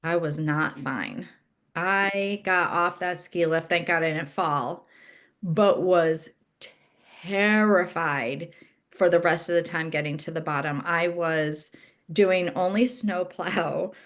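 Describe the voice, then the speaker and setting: A middle-aged woman co-hosting a podcast, telling a personal story in casual chat and acting out what others said. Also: slow. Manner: animated storytelling, acts out quoted friends in a higher voice. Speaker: podcast co-host.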